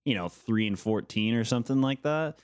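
Low smooth guy breaking down team moves on a podcast, dry close sound. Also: a little fast, no room sound. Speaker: podcast co-host. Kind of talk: casual sports chat.

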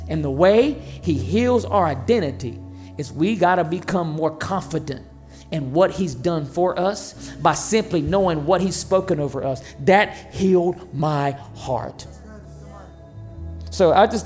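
Emphatic conversational preacher. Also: medium pitch. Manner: conversational and emphatic, with sudden swings in volume. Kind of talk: sermon.

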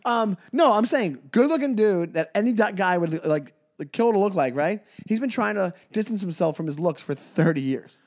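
A man's voice: high-pitched, animated, normal speed, hardly any pauses, a little mellow. A man co-hosting a podcast in casual chat, joking and retelling movie scenes. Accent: New York. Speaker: podcast co-host.

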